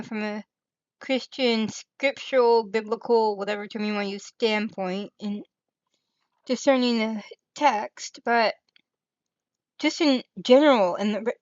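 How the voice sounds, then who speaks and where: A woman co-hosting a comedy news show, speaking slowly and bluntly. Her voice sits a little high. The recording is dry and slightly dull. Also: dry recording. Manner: blunt, scolding. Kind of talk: casual chat.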